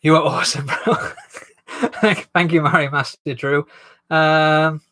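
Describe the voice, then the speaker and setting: A man's voice: on the high side, fairly even intonation, slow pace, bright, forceful tone. A man hosting a casual live stream while building a toy set, rambling and self-deprecating as he reads viewer comments aloud.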